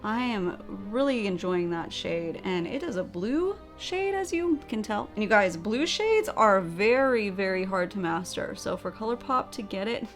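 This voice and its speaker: A woman's voice: medium pitch, animated, normal speed, few pauses, faint music behind. A young woman narrating a makeup tutorial, bubbly and chatty, with playful sound effects as she works. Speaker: beauty vlogger.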